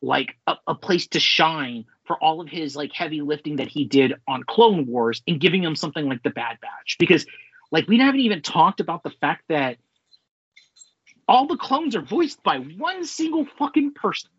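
A man co-hosts a casual pop-culture podcast, rambling in an animated way and swearing freely. His voice sits fairly high and a little husky. The recording is dry, with slightly dull, lo-fi sound. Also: moderate pace, no echo. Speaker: podcast co-host.

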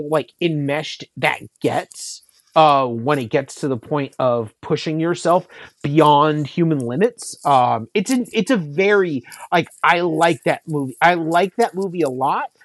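A man talking about movies in loose casual chat, his voice sitting a little high. He rambles and restarts, full of fillers. The sound is dry and close. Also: no echo. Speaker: podcast co-host.

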